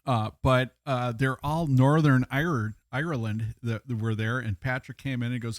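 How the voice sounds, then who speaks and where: A man's voice: medium pitch, normal speed, few pauses, dry recording, studio quality. A man co-hosting a podcast, telling stories in a rambling way with many fillers. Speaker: co-host. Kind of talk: casual chat.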